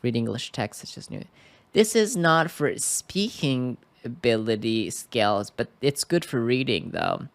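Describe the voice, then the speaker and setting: Speaking at a measured pace, a man teaches English in a screen-recorded tutorial, his medium-pitched voice expressive and echo-free. He records indoors at a computer mic and talks hesitantly, frequently asking "okay?"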